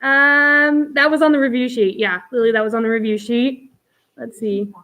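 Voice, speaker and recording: Woman, math teacher, slightly high voice, chatty, step-by-step explaining. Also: fairly even intonation, moderate pace, pushed and bright, rough recording. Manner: chatty, walks through steps aloud. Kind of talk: live online math review.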